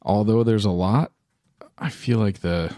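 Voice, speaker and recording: A man's voice: lowish voice, a little slow, mellow, no echo, studio quality. A man co-hosting a movie podcast in casual, jokey chat. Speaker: podcast co-host.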